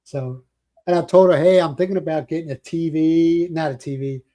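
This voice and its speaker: Older guy hosting a live chat, kinda high voice, rambly jokey stories. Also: fairly even intonation, brisk, a crowd in the background. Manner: joking, rambling storyteller. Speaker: livestream host.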